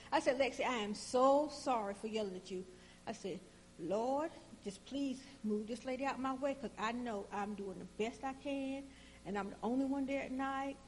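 Animated woman telling a workplace story. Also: a little high, a little hiss or hum. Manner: animated, acts out both sides of the conversation. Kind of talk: casual personal storytelling.

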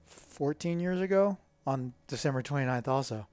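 A middle-aged man, a guest, telling stories in a casual, animated way and acting out the voices of people in them. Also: mid-range voice, normal speed, smooth, dry recording. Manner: animated, acts out quoted dialogue. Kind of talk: casual storytelling.

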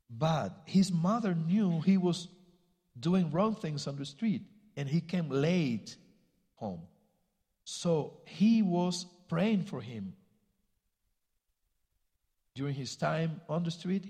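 Slow Spanish-accented man preaching in a hall. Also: mid-range voice, darkish tone. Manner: halting, searching for words, acts out quotes. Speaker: guest speaker, missionary. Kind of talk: sermon storytelling. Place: church.

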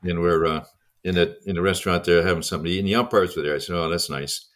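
Older male co-host, low voice, rattles off coaching stories fast with a laugh. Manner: fast, lively anecdotes with chuckles. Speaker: podcast co-host and former baseball coach. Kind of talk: casual storytelling conversation.

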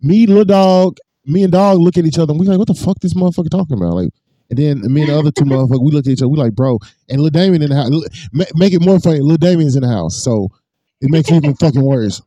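A man telling a long, profane story in a casual podcast chat, swinging high and low as he acts it out. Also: fast talker, mellow, no echo.

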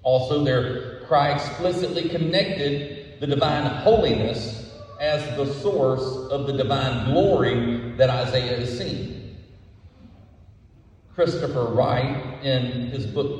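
A male pastor delivers a sermon slowly and deliberately, leaning on repeated words for emphasis. His voice sits at an ordinary middle pitch and is picked up from some distance, with a long, echoey hall reverb around it. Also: a little mellow.

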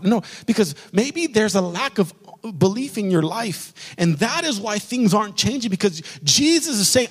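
A man's voice: high-pitched, big pitch swings, normal speed. A man pastor preaching a sermon with passion, repeating key lines for emphasis. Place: church sanctuary. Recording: long hall reverb.

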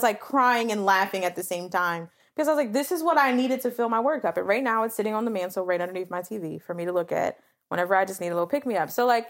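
Chatty woman, animated storyteller. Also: mid-range voice. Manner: chatty, animated, confessional, leans on "like" and acts out quoted voices. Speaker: podcast co-host. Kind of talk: casual chat.

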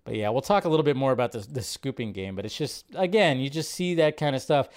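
A man hosting a live film commentary stream, talking in a rambling, animated way and jumping up in pitch to stress points. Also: fast talker.

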